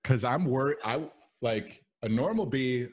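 Give me a mid-pitched man riffing on a comedy podcast, loose and profane. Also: expressive, unhurried. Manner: rambling, profane, jokey. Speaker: podcast co-host. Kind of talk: casual comedic chat.

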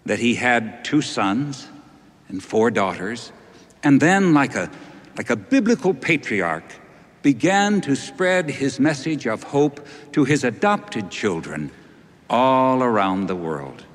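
A man playing a minister giving a measured eulogy at a funeral, in a film clip. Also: medium pitch, big pitch swings. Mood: solemn. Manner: measured, slow oratory. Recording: film clip with long reverb.

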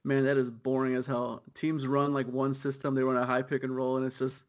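A young man with a monotone, mid-range voice co-hosts a soccer podcast. He chats in a laid-back way, riffing quickly and laughing easily.

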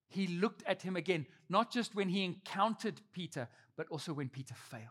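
A man in his thirties preaching a sermon, telling the story with animated delivery and acting out the quotes. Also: high voice, fairly quick, hardly any pauses. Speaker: pastor.

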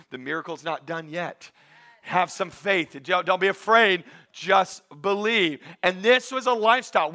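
Male pastor, sermon delivery, high-pitched and bright, lively with comic asides. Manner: animated preaching with acted-out asides and humor.

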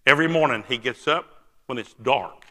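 A man's voice: medium pitch, normal speed, pushed and bright. A man preaching a sermon, telling a story in an emphatic, folksy way. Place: church sanctuary. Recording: long church hall reverb.

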